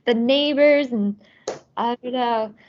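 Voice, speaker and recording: A woman's voice: high voice, a little hiss or hum. A woman guest chatting casually on a podcast, rambling with lots of fillers and frequent laughs. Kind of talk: casual chat. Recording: dull lo-fi audio.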